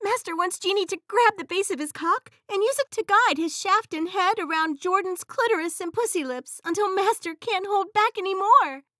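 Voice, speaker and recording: A woman voicing an eager, naive female genie servant in a high, loud, wide-eyed innocent voice. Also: moderate pace, few pauses, dry recording, clean studio sound.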